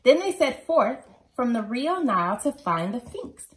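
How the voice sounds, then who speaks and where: A woman reading a picture book aloud to her children, lively and expressive. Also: fairly high pitch, a little slow.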